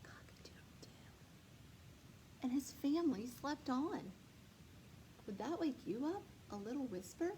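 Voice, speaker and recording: Librarian, woman, storytime reader; slow, lively, faint noise. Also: high-pitched, rough recording. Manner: slow, lively, expressive, speaks to children. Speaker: children's librarian. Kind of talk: storytime read-aloud.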